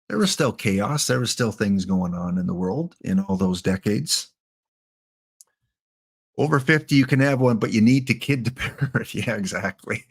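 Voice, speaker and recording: A middle-aged man with a Canadian accent chats with his live viewers in a loose, joking way. His voice sits at an ordinary pitch. He drifts between asides and the next slide. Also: normal speed, slightly rough. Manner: joking, chatty, answers chat. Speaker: livestream host. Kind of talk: casual livestream chat.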